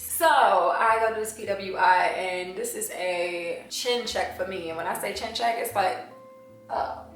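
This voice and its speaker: A woman's voice: medium pitch, measured pace. A young woman from Washington, D.C. sharing a candid, emotional personal testimony in a confessional way. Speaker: vlogger sharing her testimony. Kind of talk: personal testimony, talking to camera. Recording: very echoey room, voice away from the mic, faint music.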